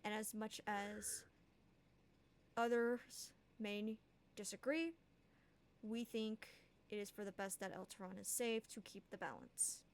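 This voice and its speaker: A woman voicing a calm female elf envoy who speaks formally. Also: mid-range voice, slow.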